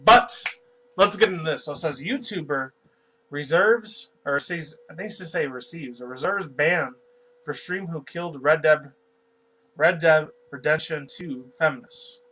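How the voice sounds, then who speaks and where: A man's voice: a little high, moderate pace, pushed and bright, poor audio. A man from New York giving a casual, rambling commentary as he reads a news article aloud, swearing often and stumbling over words. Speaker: YouTube commentator.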